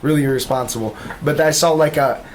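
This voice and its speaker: A man's voice: fairly high pitch, brisk, slight background noise. A man co-hosting a casual podcast, telling profane anecdotes with laughter. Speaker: podcast co-host. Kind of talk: casual chat.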